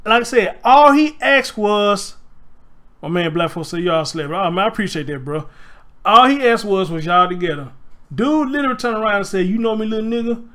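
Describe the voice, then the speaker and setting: A man's voice: high voice, expressive, a little fast, fairly bright tone. A man hosting a casual livestream, telling a story with energy and reading viewer comments aloud. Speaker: host.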